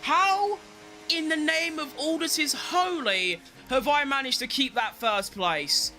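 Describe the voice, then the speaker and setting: A young man giving excitable live commentary on his racing game, talking to himself and swearing at rivals and his car. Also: very high-pitched, slow pace, soft background music. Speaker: game streamer.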